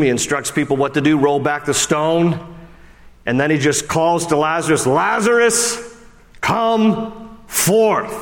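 Conversational man preaching in a hall. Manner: conversational preaching, swings from high and emphatic to low and hushed. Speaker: pastor. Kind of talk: sermon. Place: church sanctuary.

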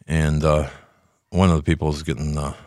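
An older man hosting a commentary show, fiery and opinionated, dropping to a mutter and then rising to shouts. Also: rumbling low, level tone, normal speed, dry recording, studio quality. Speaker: talk show host.

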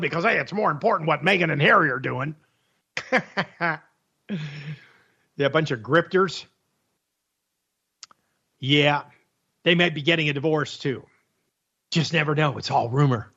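A man's voice: sits high, bright, forceful tone. A man hosting a talk radio show, delivering a sarcastic, mocking monologue on the news and laughing at his own jokes. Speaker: radio host. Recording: dull lo-fi radio audio.

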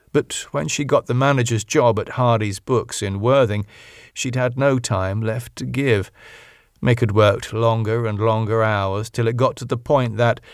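A man reading a novel aloud in an even, measured way. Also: fairly low pitch, dry recording, clean studio sound. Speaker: audiobook narrator. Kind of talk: audiobook narration.

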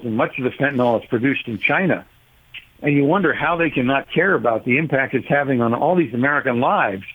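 A man calling in to a talk radio show, arguing forcefully and sardonically about policy. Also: mid-range voice, breathy edge. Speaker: caller, policy advocate. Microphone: telephone. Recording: tinny phone line.

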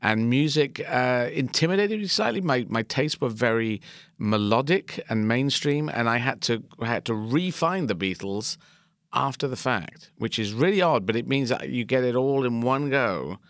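A man's voice: mid-range voice, lively intonation, moderate pace, fairly bright tone, no echo, clean studio sound. A man in his fifties with an English accent, a guest chatting casually with many restarts and self-deprecating asides. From England. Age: 50s. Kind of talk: casual chat.

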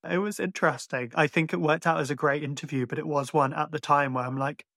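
A man's voice: a little high, fairly even intonation, fast talker, gravelly, fairly bright tone, no echo, clean studio sound. A man from Ireland with a mixed Irish accent, hosting a podcast and chatting casually with lots of fillers. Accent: Irish, mixed and hard to place. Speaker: podcast host. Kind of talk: casual chat.

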